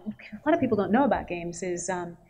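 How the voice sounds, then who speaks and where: A woman voice actress on a convention panel, telling animated stories and acting out quotes with a laugh. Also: on the low side, fairly quick. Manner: lively, acts out quotes and laughs often. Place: convention hall.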